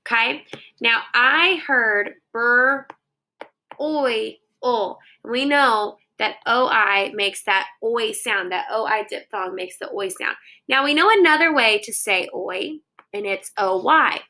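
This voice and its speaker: Young teacher lady doing phonics dictation with kids, super slow and careful, sounds out every syllable, crisp bright tone. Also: fairly high pitch, poor audio. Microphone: phone.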